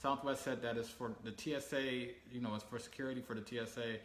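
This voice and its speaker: Guy telling a funny travel story on his family channel, bright voice, acts out everyone he quotes, echoey room. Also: medium pitch, fast. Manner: animated storyteller, acts out quoted people, laughs while telling. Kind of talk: casual storytelling chat. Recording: echoey room with faint ambient noise.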